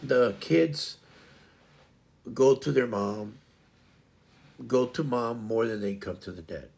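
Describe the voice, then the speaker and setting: Gravelly guy rambling on his stream, keeps restarting sentences. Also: mid-range voice, takes it slowly, a little mellow. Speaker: livestream host. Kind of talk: casual livestream chat.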